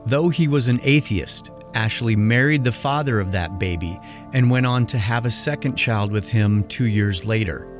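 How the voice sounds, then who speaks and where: A male podcast host reading scripted narration in a measured, formal way. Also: medium pitch. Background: music.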